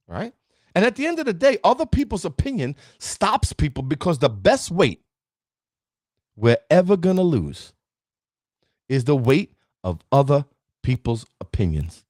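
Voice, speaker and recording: A motivational speaker with a slightly high voice gives a live-streamed talk, emphatic and preachy, frequently asking "right?" and greeting viewers by name. The recording is dry and studio quality.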